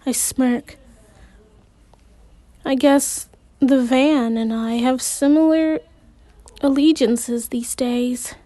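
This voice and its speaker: A woman's voice: high-pitched, fairly even intonation, extremely slow, pauses often, dark tone, no echo. Woman reading a story aloud, slips and restarts now and then, dry close sound. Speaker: amateur audiobook reader. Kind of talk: reading a novel aloud in first person.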